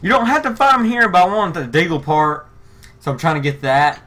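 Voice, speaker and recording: A man giving let's play commentary, excitable, yelping and shouting at the game with mild swearing. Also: a little high, fairly quick, a little hiss or hum. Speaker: gamer. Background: faint music.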